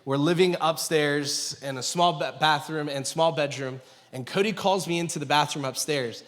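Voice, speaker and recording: A pastor in his thirties preaches in a church sanctuary, telling a family story conversationally with self-mocking humor and acted-out quotes. His voice is a little high, at normal speed with few pauses, and a long hall reverb fills the recording.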